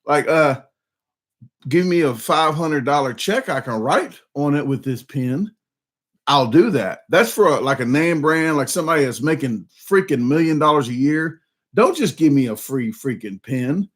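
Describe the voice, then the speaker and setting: Southern guy rambling on a live stream, kinda hoarse, lots of ums and restarts, voice a bit on the high side. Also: animated, normal speed. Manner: rambling, many restarts and fillers. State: slightly hoarse, coughing. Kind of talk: casual live chat.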